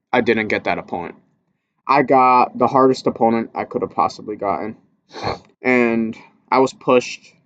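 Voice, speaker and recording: A man recounting his fight nerves in a casual, candid way, cursing without a filter. His voice sits at an ordinary middle pitch, and the sound is dry and close with no room echo. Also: muffled recording. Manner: candid, swears freely, gets louder and higher as he relives panic. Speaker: amateur boxer. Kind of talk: casual storytelling to camera.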